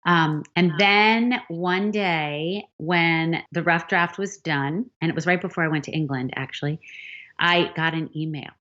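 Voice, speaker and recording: A woman's voice: on the low side, measured pace. A middle-aged woman novelist, telling stories animatedly in an interview and acting out the dialogue. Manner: animated storyteller, acts out quoted dialogue. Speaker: novelist guest. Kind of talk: storytelling interview answer. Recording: dull lo-fi sound.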